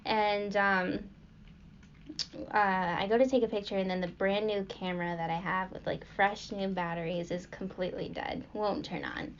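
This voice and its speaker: A young woman hosting a podcast tells a story casually, rambling with frequent fillers and little giggles. Her mid-range voice is flat at a moderate pace, in a dull lo-fi recording with a little hiss or hum.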